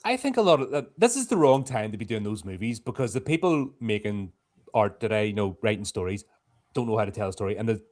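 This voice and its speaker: A man's voice: on the low side, lively intonation, fast, darkish tone. A man co-hosting a horror podcast, giving blunt, opinionated takes in casual chat. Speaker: podcast co-host.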